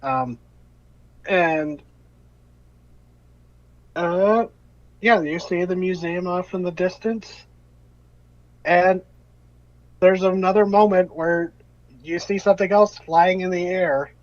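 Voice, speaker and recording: A man's voice: high voice, slow, long pauses, no echo, dull audio. A man narrating a tabletop game as game master, rambling and hesitant, with many fillers.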